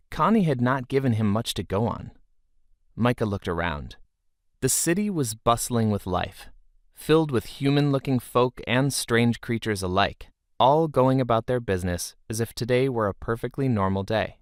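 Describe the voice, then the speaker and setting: Expressive male audiobook narrator, dry close sound. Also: on the low side, dry recording. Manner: expressive storytelling. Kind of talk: scripted fantasy audiobook narration.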